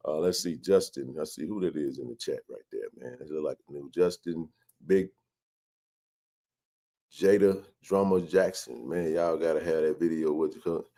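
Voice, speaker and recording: A man's voice: rumbling low, moderate pace, mellow. A man hosting a live sports chat stream, joking loosely and greeting viewers by name.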